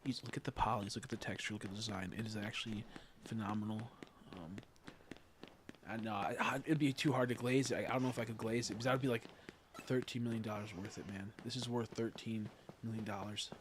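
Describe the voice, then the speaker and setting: A man's voice: fairly low pitch, steady tone, quick pace, background noise. A young man streaming a game, chatting casually, rambling, giggling often and swearing freely. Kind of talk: casual livestream chat while gaming.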